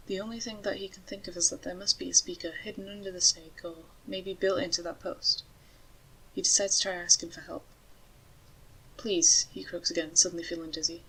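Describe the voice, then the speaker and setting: A woman narrating a story in a steady, measured way. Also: medium pitch, husky, rough recording.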